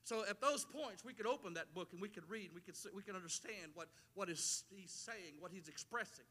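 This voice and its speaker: A man's voice: high voice, brisk, bright, forceful tone. A middle-aged man, preaching a sermon as a pastor, with impassioned delivery and repeated phrases. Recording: long reverb of a large hall.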